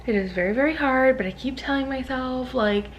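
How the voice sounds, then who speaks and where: A tired woman chatting casually to camera in a vlog, gushing and rambling with fillers and soft whispered asides. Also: sits high, fairly quick, muffled recording, a little hiss or hum. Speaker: vlogger.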